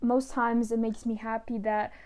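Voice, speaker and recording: A young woman speaks in a personal monologue, her somewhat high voice mellow and level in pitch. She talks haltingly and emotionally, and sounds close to tears at times. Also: level tone.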